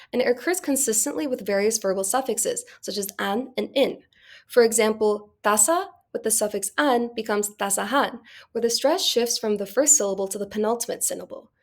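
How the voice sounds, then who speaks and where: A young woman, a student presenter, reading a prepared class presentation at a steady pace. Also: fairly high pitch. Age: young adult.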